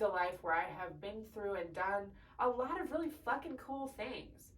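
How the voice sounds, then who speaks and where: A young woman hosts a podcast in a casual personal chat, speaking candidly and emotionally, swearing freely and sometimes choking up. Her mid-range voice keeps a moderate pace with few pauses, recorded roughly on a distant mic.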